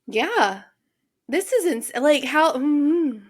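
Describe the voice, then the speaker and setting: A woman's voice: sits high, lively intonation, drawn-out words. A woman co-hosting a podcast in casual chat, reacting with short exclamations and remarks that trail off. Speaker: podcast co-host.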